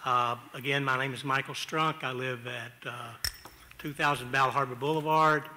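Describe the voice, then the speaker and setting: A man's voice: mid-range voice, steady tone, moderate pace, bright, forceful tone, in a large hall, slight background noise. A man giving chatty, self-deprecating testimony at a city council hearing, arguing a contrarian view. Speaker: public commenter. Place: council chamber.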